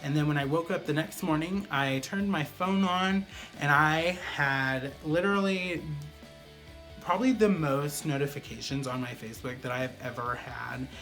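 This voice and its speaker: A man's voice: on the high side, normal speed, a bit bright, soft background music. A man vlogger telling a personal story in a casual, chatty way, full of fillers like "like" and "pretty much".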